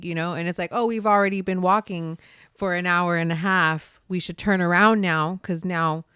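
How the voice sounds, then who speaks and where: A woman's voice: lowish voice, steady tone, normal speed, a bit bright, clean tone, dry recording, studio quality. A young woman chatting casually as a podcast co-host, laughing often and acting out what her family says. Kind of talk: casual chat.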